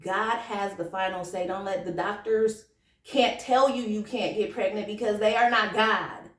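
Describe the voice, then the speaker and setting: A woman in her thirties telling a personal story to camera in a chatty, animated, slangy way that turns emotional. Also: medium pitch, measured pace, far from the mic. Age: 30s. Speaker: vlogger. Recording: roomy echo, from off the mic.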